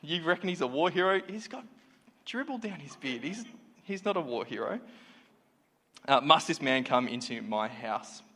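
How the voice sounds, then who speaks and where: A man's voice: fairly high pitch, animated, normal speed, fairly bright tone, slight background noise. A preacher putting on a scornful ancient king. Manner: incredulous, mocking. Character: scornful ancient male king, mocking a madman. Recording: reverberant hall.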